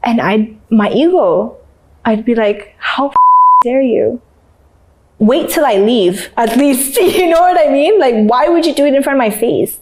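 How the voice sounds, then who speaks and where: Young woman from Canada, interview guest; emotional, animated storyteller with a slightly high voice. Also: normal speed, a little hiss or hum. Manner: animated, acts out voices and laughs while telling.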